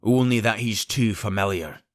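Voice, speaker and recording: Man doing a stern, clipped sea captain for a storybook reading, lowish voice, dry close sound. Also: dry recording, close to an everyday voice. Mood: firm. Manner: clipped, deliberate, firm. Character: stern blunt middle-aged male sea captain.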